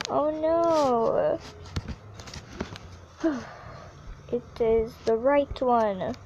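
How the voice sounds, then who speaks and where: Woman, gameplay commentary, excitable, very slow talk, faint hiss behind. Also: high voice, dull audio. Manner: chatty and excitable, yelps when falling. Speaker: gaming YouTuber.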